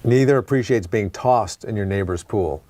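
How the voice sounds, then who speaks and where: Man, middle-aged comedian guest, lowish voice, easygoing, quick to laugh, casual chat. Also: noisy background. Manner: amused, laughs easily, reads jokes aloud.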